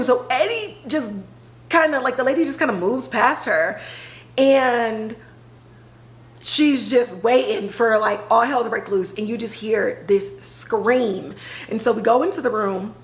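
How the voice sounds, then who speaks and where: A woman podcast host retelling a TV episode in a casual, animated way, full of filler words. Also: fairly high pitch, a little slow, echoey room, rough recording. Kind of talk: casual storytelling recap.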